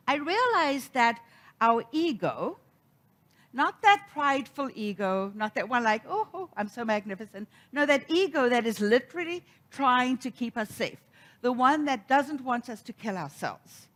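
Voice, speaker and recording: Middle-aged woman preacher, animated storyteller with a lively, swooping delivery. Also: sits high, a little slow. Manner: storytelling, animated, acts out quoted voices. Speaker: minister. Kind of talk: sermon.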